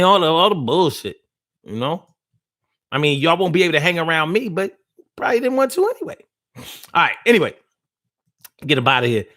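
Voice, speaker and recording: A man's voice: fairly high pitch, fairly bright tone, dry recording, clean studio sound. A man hosting a live show, ranting casually in loose slang with lots of profanity and teasing his listeners directly. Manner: teasing, talks straight to listeners. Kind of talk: casual live-stream talk.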